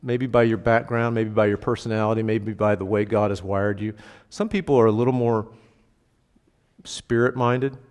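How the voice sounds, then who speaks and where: This pastor speaks at a moderate pace in a fairly low, steady, darkish voice. Recorded in a reverberant hall, his sermon feels casual and chatty; he asks the congregation questions and hits key words in sudden emphatic bursts.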